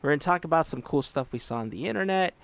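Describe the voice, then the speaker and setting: A man's voice: fairly high pitch, expressive, fast, gravelly, a bit bright, no echo. A middle-aged man hosting a podcast, reading announcements and then chatting casually, telling stories in an upbeat way. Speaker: podcast host.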